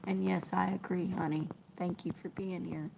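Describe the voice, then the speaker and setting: A woman, talking to her live-stream viewers in an emotional, halting way that often drops to a whisper. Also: on the low side, level tone, creaky, background noise. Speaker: trucking vlogger reading live chat.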